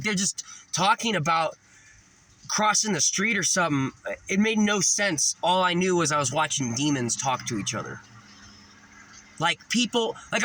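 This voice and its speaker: A man's voice: high voice, sharp tone, slight background noise, poor audio. A man telling a rambling spiritual story to camera, cussing now and then and acting out the people in it. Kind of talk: rambling first-person storytelling.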